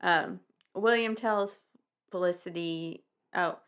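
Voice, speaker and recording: A woman's voice: lowish voice, slow, fairly bright tone, clean tone. A young woman co-hosting a podcast, casually recapping a children's book with wry, laughing asides and casual swearing. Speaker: podcast co-host.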